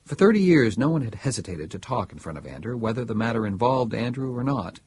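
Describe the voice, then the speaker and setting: Very husky male audiobook narrator. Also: medium pitch, big pitch swings, fast talker, darkish tone.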